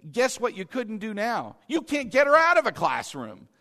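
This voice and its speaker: A man with a high voice preaching a lively sermon. He keeps getting the congregation to say phrases back to him. His delivery is animated and conversational. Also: normal speed. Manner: animated, calls the congregation to repeat after him. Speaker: pastor.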